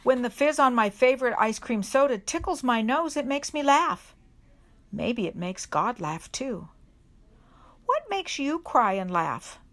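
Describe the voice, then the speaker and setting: Woman reader, slightly high voice, gentle storybook read-aloud for kids, unhurried, pauses on questions. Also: big pitch swings. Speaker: reader at a children's worship service. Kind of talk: reading a children's picture book aloud.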